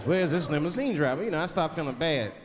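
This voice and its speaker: A man's voice: fairly high pitch, quick pace. A man doing a stand-up routine, telling a story with energy and acting out voices. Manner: animated storytelling, acts out voices. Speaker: stand-up comedian. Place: large venue with live audience. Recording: live hall reverb, crowd noise.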